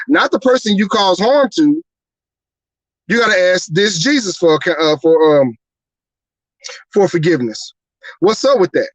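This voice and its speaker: Profane, high-pitched ranting male podcast host. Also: no echo, poor audio. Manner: profane, rhetorical, repeating "you mean to tell me". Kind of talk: angry atheist rant on a live podcast.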